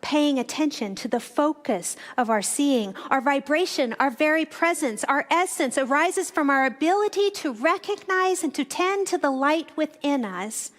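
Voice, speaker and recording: A woman's voice: sits high, expressive, moderate pace, hardly any pauses. A woman minister giving a reflective, storytelling sermon, speaking directly to her congregation in a church. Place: church sanctuary.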